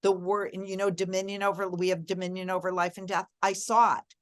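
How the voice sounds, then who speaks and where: A woman's voice: mid-range voice, level tone, brisk, dry recording. A middle-aged woman, a guest in an interview, telling a personal story in an earnest, reflective way and leaning on key words.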